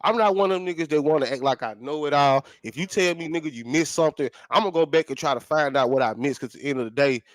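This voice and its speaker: A man's voice: a little high, quick pace, few pauses, no echo. A man co-hosting a casual talk show, blunt and profane, repeating points for emphasis. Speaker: podcast co-host.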